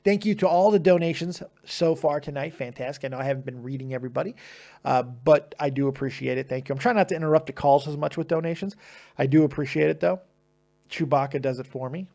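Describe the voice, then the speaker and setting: A man's voice: a little high, fast, creaky, darkish tone. A man hosts a live call-in stream with a slightly raised, easygoing voice. He swears freely, laughs often and trips over his own words as he rambles. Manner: profane, laughing, rambling with restarts. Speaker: host of a live call-in show. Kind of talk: casual live-stream chat.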